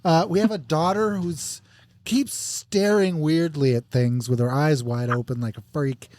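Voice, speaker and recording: Casting: slightly high-voiced man, sarcastic podcast co-host, dry close mic. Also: steady tone, unhurried, darkish tone, no room sound. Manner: sarcastic, teasing, swearing. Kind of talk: casual banter reviewing a movie.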